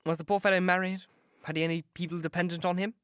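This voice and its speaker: A man's voice: level tone, fast, fairly bright tone, smooth, no room sound. A man voicing an anxious, imperious young aristocrat in a dry audiobook reading, with his voice raised above his own. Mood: languid, bored. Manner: raised pitch, urgent and clipped.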